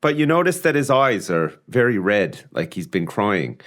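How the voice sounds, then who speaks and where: A man's voice: lowish voice, big pitch swings, moderate pace, fairly bright tone. A man co-hosting a podcast, joking and chatting casually. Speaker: podcast co-host. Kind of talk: casual banter.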